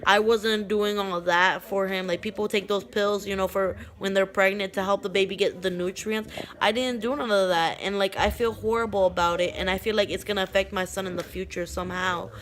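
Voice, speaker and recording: A woman's voice: medium pitch, fairly even intonation, fairly quick. A young woman telling a personal story to the camera in a rambling, emotional way, raising her voice when she quotes others. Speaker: vlogger.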